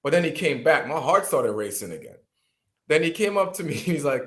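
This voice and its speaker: Animated man telling a personal story. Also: a little high, a little fast. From Jamaica. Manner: animated storyteller, acts out quoted voices, frequent restarts. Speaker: guest speaker.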